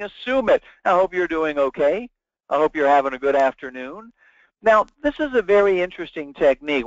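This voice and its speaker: Male sales trainer, webinar host, emphatic and energetic, fairly high voice, dry lo-fi sound. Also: no room sound. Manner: energetic, emphatic coaching with big swings in inflection. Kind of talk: webinar presentation. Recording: dull lo-fi webinar audio.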